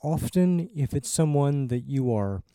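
A man hosting a podcast, explaining in an unhurried way with small restarts. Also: medium pitch, animated, warm tone, clean tone, no room sound, clean studio sound. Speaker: podcast host. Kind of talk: casual podcast chat and explainer.

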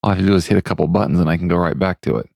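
Co-host: deep-voiced man, relaxed reader of listener tips, dry booth sound. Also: gravelly, no room sound. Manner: easygoing, reads out listener messages with pauses and fillers. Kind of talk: casual chat.

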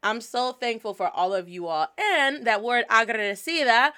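A woman's voice: on the high side, lively intonation, moderate pace, pushed and bright. A woman hosting a language lesson in a casual, upbeat teaching style, moving between English and Spanish. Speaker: host.

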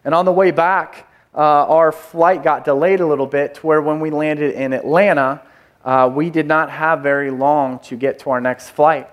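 A man preaches in a loose, conversational way, weaving a personal story into his sermon with plenty of fillers and restarts. His voice sits a little high for a man. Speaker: pastor.

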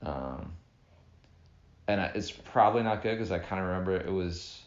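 A man's voice: sits low, animated, normal speed. A man in his thirties co-hosting a podcast, in a dry, sarcastic, rambling casual chat. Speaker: podcast co-host. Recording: dull roomy home recording.

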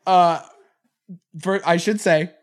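A man from Chicago with a somewhat high voice and a Chicago accent hosts a comedy podcast. He rambles through stories, laughs mid-sentence and slips into mocking quotes. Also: steady tone, slow pace, clear, resonant tone. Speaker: podcast co-host. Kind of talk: casual comedic chat.

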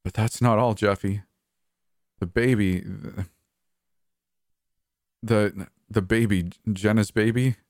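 A man voicing a shaken older brother who speaks haltingly and sternly over the phone. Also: on the low side, steady tone, a little mellow, dry recording, studio quality, voice pushed up.

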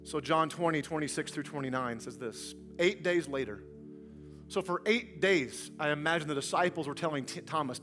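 A man preaching a sermon, telling the story with humor and swinging from hushed to loud. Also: on the high side, moderate pace, music in the background. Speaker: pastor.

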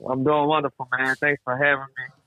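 A man's voice: mid-range voice, little pitch movement, a little fast, dry recording. Man, New Orleans accent, podcast guest, easygoing talk, tinny dry phone line. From New Orleans, United States. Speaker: podcast guest, flag football player. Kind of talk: casual interview answers.

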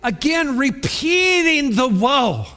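A man preaching a sermon, reading scripture and explaining it, with bursts of shouted repeated words. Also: extremely high pitch, very animated, takes it slowly, big-room sound. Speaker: pastor.

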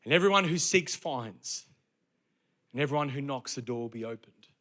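A man's voice: medium pitch, expressive, moderate pace, a bit bright. A middle-aged male pastor preaching a sermon on a church stage, telling stories with humor and firing rhetorical questions at the congregation.

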